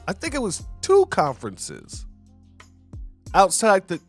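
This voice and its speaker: Slow, sarcastic male commentary host. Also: high-pitched, huge pitch swings, faint music behind. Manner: measured, sarcastic, addresses audience as family. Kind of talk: video commentary.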